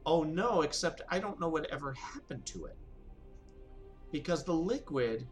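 A man co-hosting a podcast, chatting casually and telling a story with lots of expression, sometimes breaking into loud, high outbursts. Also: moderate pace, faint music behind. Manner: animated storyteller, jumps to loud high bursts for quoted speech. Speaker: podcast co-host.

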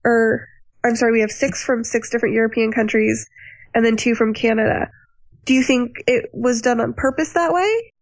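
A woman hosting a casual discussion of a TV show, chatty and animated as she tells stories. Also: a little high, normal speed, dry recording, low-quality recording. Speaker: podcast host.

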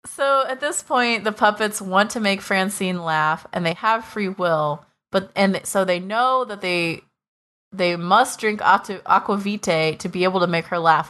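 A woman's voice: medium pitch, animated, a little slow, a bit bright. A woman co-hosting a casual podcast, recapping episodes and skeptically picking apart plot holes. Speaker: podcast co-host.

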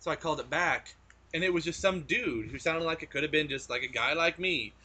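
Brief: casual podcast co-host, man, bright and slightly high voice, rambling storyteller. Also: a little fast, husky. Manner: rambling storyteller with frequent restarts. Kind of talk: casual chat.

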